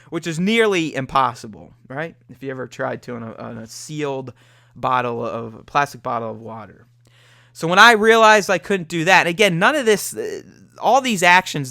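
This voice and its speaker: A man's voice: on the high side, pushed and bright, dry recording, studio quality. A young man hosting a podcast, telling a candid, profane story about himself and acting out his own reactions. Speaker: podcast host. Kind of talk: solo confessional podcast monologue.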